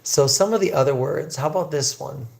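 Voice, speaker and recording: A man teaching English on a livestream, chatting with viewers and slowly drilling pronunciation. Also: on the high side, creaky. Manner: slow, drawn-out pronunciation drills.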